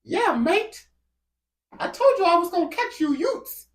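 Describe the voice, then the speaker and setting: A man mimicking a taunting British street tough in a squeaky put-on voice. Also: big pitch swings, a little slow, roomy sound, far from the mic, heavily acted.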